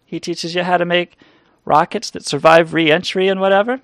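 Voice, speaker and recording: A man's voice: sits high, fairly even intonation, normal speed, fairly bright tone, no echo, studio quality. A man hosting a comedy live stream, rambling crudely and reading chat comments aloud. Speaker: stream host.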